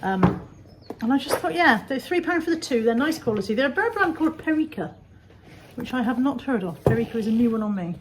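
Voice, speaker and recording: A woman from England, with a slightly high, expressive voice and a slightly fast pace, shows off her second-hand finds in a casual vlog. She is chatty, jokey and rambling, and the background is noisy.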